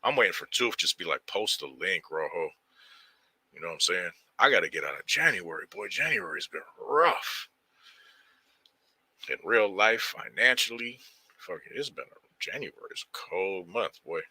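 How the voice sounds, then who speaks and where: A man hosting a casual livestream, shouting out viewers by name in loose street slang. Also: sits low, animated, normal speed, husky, no room sound. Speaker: livestream host. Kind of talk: casual livestream chat reading viewer comments.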